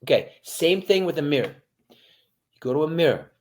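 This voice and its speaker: A military veteran guest giving motivational interview talk, addressing listeners directly and swinging from hushed to loud. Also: male voice, fairly high pitch, sing-song, moderate pace.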